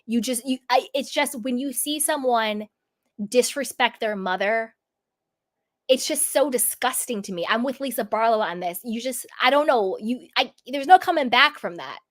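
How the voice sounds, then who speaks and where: A woman's voice: on the high side, moderate pace, dry recording, studio quality. A woman giving an opinionated recap of a reality show, emphatic and indignant, full of rhetorical questions. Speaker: reality TV commentator.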